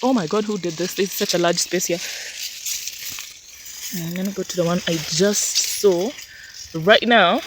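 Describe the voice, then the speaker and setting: A woman's voice: mid-range voice, background noise. A young woman giving a casual walking tour of her vegetable garden outdoors, exclaiming at her crops and calling out to her dogs. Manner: animated, exclamatory, scolds and coos at her dogs. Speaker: homestead farmer giving a farm tour. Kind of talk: casual vlog walkthrough.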